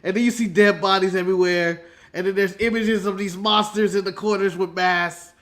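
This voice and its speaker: An American man co-hosts a casual podcast, telling animated stories and laughing often. His voice sits high and has a bright, forceful edge. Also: fairly quick. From United States. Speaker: podcast co-host. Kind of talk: casual wrestling recap chat.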